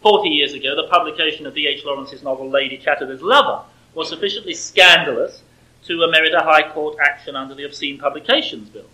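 High, sharp-toned man lecturing. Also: quick pace, poor audio. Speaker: speaker. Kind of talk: prepared sermon-style lecture.

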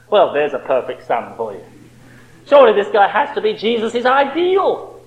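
A man's voice: sits high, wildly swooping pitch, normal speed, highs cut off. A man preaching a sermon with impassioned rhetorical questions.

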